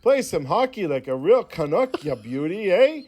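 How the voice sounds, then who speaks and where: A brash Canadian guy heaps taunting slang on his targets, as a man puts on the accent in a voicemail. His voice sits high and swings widely up and down. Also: very animated, moderate pace, a little mellow. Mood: mocking. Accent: put-on Canadian. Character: brash mocking Canadian guy roasting the hosts. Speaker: voicemail caller.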